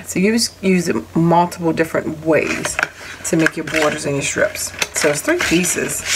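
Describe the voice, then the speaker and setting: A woman's voice: lowish voice, poor audio. A woman casually showing and explaining craft dies in a home vlog, chatty, with apologetic asides. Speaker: crafting vlogger showing a haul. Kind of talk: casual show-and-tell. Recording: audible background noise.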